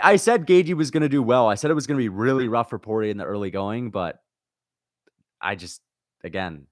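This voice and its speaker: A man hosting a livestream, reading viewer comments aloud and answering them in a casual chat. He is frustrated and swears often, jumping between loud outbursts and low muttering. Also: dry recording, clean studio sound. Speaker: livestream host reacting to fights.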